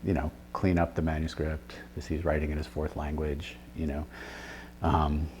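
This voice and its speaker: A man, talking things through slowly in an interview, pausing on fillers and restarting his sentences. A faint hum sits under the recording. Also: extremely low pitch, monotone, darkish tone. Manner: thoughtful, with many fillers and restarts. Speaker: writer and editor. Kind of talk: reflective interview answers.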